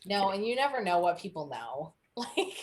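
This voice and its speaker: Chatty woman co-host, rambling, laughs a lot, mid pitch. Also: sing-song, moderate pace, slight background noise. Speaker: podcast co-host. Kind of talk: casual chat.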